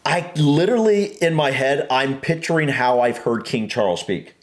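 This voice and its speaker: A man's voice: medium pitch, lively intonation, moderate pace. An American man hosting a reaction video, curious and easygoing in casual chat. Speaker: reaction host.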